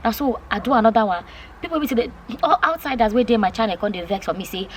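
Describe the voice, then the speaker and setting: A woman's voice: on the high side, fast, a little hiss or hum. A Nigerian woman vlogging to camera, chatting casually, repeating her points and asking viewers questions. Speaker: YouTube vlogger.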